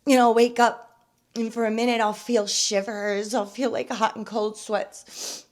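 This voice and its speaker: Earnest young woman, fairly high voice. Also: level tone, a little slow. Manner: earnest and confessional, swinging between soft and emphatic. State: emotional, near tears at times. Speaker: podcast host. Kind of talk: casual personal testimony.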